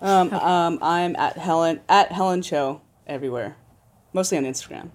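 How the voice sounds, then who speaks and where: A woman guest on a podcast, speaking hesitantly with many pauses. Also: fairly low pitch. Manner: hesitant, halting. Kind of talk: casual chat.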